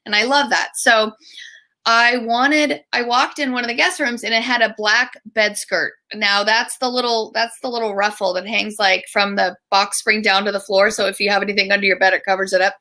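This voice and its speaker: A middle-aged woman, a guest author and speaker, telling stories in an online interview, lively and acting out the voices she quotes. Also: mid-range voice, moderate pace.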